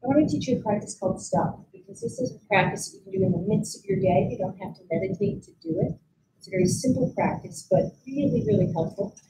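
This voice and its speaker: A woman teaching a mindfulness practice at a conference, guiding listeners calmly and gently with frequent pauses. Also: mid-range voice, gravelly, slight background noise, low-quality recording. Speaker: mindfulness instructor. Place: conference room.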